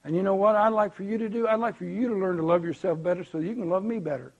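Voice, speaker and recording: A man preaching a sermon to a congregation, conversational, swinging between emphatic points and quiet asides. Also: sits high, fast, dull audio. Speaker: pastor. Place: church hall before a congregation.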